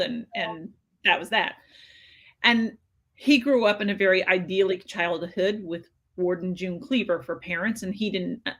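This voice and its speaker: A woman's voice: mid-range voice, fairly bright tone. Candid woman in her sixties. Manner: earnest, candid, frequent restarts. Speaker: podcast guest. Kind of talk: personal storytelling.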